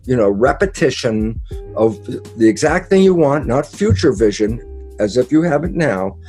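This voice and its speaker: An older man speaks in a mellow, relaxed voice, telling stories with lots of animation and acting out the lines of quoted dialogue. He swears casually as he talks. Faint music plays softly underneath. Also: medium pitch, normal speed. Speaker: guest speaker. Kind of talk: animated interview talk.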